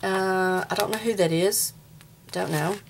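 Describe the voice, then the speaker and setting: A woman's voice: mid-range voice, fairly even intonation, a little slow, creaky, very noisy. A woman in her forties with a Southern US accent, chatting casually as she shows off a handmade craft journal and talks straight to viewers. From American South. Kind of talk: casual show-and-tell vlog.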